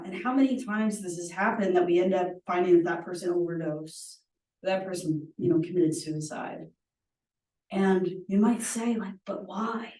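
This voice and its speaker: A woman's voice: fairly low pitch, a little mellow. A woman leading a workshop, teaching conversationally with personal stories, earnest and chatty, often asking "right?". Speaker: workshop presenter. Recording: roomy echo, distant mic.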